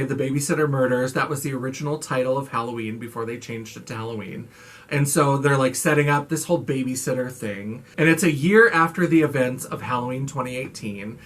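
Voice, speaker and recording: A man recapping a horror movie in a casual, animated way, swearing freely and acting out lines from the film. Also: fairly high pitch.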